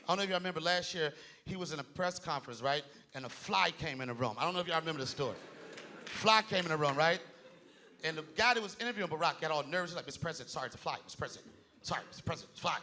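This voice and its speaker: A man performing a stand-up comedy set on a club stage with a handheld mic, loud and animated. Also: fairly high pitch, quick pace, slight background noise. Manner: animated, loud, jumps into impressions. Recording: live club with loud crowd laughter.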